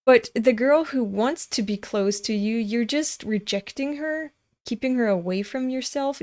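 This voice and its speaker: A woman's voice: on the high side, a little mellow. Blunt, exasperated woman reading a comic. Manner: blunt, exasperated commentary with swearing. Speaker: comic reader. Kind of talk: casual read-aloud with commentary.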